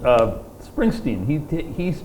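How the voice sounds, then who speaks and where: A man's voice: mid-range voice, huge pitch swings, takes it slowly. Man interviewing, noisy bar recording. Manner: prompts the guest with short questions. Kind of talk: casual interview.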